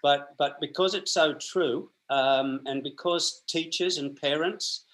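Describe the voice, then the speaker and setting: Australian male guest, slightly high pitch, chatty storyteller who laughs mid-sentence. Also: slow, fairly bright tone. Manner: chatty, rambling, laughs while telling stories. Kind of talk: anecdotal storytelling.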